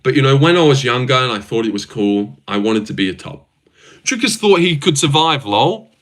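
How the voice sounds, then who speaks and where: Young aussie guy rambling on his stream, swears a lot, reads chat, kinda sharp voice. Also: mid-range voice, lively intonation, normal speed. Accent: Australian. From Australia. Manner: rambling, swears freely, jokey, answers chat. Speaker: livestream host. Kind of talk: casual livestream chat reading comments.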